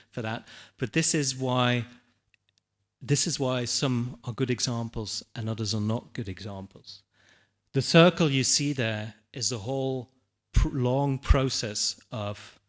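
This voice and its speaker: A man speaking on a conference panel in a conversational way, often restarting his sentences and checking in with the audience. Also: mid-range voice. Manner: conversational, with frequent restarts and "right?" check-ins. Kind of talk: conference presentation.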